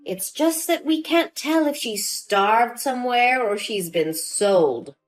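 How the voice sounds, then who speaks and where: A woman's voice: a little high, animated, takes it slowly, faint music behind. A woman voicing a scheming, cold-hearted older mother-in-law who talks with scorn and dismissiveness, in a dramatized story. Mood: contemptuous.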